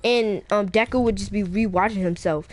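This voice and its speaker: A woman's voice: mid-range voice, moderate pace. A woman YouTuber casually telling a fan-fiction story, rambling with many fillers and restarts.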